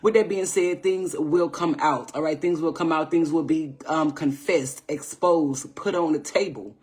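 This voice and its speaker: Low-pitched and unhurried, a US woman conducts a live tarot reading for her stream. She stays playful and animated, curses freely, and checks in with "all right?" after her points.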